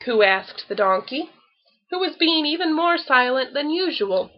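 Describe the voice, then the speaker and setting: A woman reading a children's story aloud with expressive storytelling. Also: sits high, a little slow, dull audio. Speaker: storybook reader.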